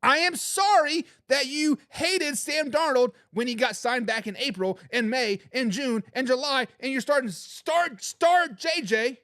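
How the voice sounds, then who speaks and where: A sports talk show host with a very high, fairly bright voice rants at fans, mocking and trash-talking them as he reads live chat comments. He speaks a little slowly with few pauses and repeats words when fired up. The studio audio is clean, with no room sound.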